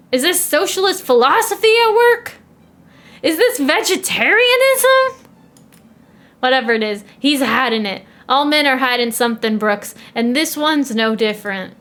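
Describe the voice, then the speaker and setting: A woman's voice: a little high, expressive, moderate pace, hardly any pauses, a bit bright. A woman voicing a pompous, domineering older male newspaper editor in a put-on accent. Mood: blustering.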